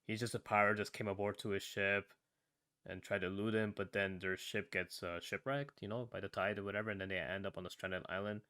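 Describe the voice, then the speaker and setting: A man in a casual podcast review chat, retelling a story with animated asides and acted-out lines. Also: on the low side, a little fast, smooth. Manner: animated retelling, acts out lines in other voices; casual, uses "man" and "right?" often. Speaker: podcast panelist.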